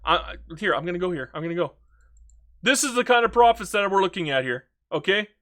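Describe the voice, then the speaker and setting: A man talks through his strategy game in casual commentary, his voice pitched high and bright. He rants in an animated way and often restarts his sentences. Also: quick pace. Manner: animated, ranting, frequent restarts. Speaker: gaming YouTuber.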